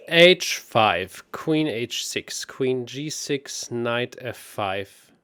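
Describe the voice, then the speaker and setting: A man in casual chat, working through chess puzzles out loud. He is chatty, laughs easily and has a mid-pitched voice. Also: animated, very slow, clear, resonant tone. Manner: chatty, laughs often, thinks aloud. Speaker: co-host.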